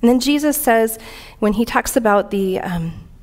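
A woman's voice: on the high side, expressive, normal speed, a little mellow. Earnest woman preaching a conversational sermon. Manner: earnest, plain-spoken, reads aloud from a commentary.

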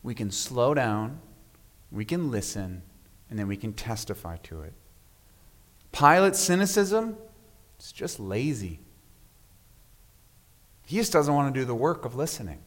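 A man preaching a sermon as pastor, measured and reflective, often letting his voice fall to a soft hush at the end of a phrase. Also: medium pitch, big pitch swings. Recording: long reverb of a large hall.

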